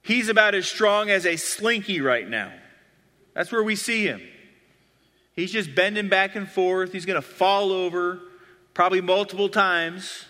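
Man, pastor, sermon, bright voice, expressive scripture reading, long hall reverb. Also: high-pitched, measured pace.

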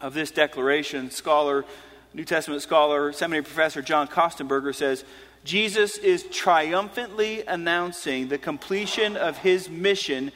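Male pastor, high voice, earnest sermon delivery, hushed lows to emphatic highs, hall reverb. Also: normal speed. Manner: earnest preaching, swings from hushed low phrases to raised emphatic declarations.

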